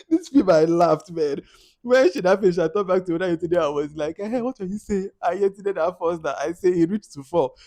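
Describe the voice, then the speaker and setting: Young Nigerian male reviewer, slightly high voice, dry close sound, giggly and animated. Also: normal speed, dry recording. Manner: laughing often, mimics characters, slips into Pidgin. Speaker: film reviewer. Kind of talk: casual movie review.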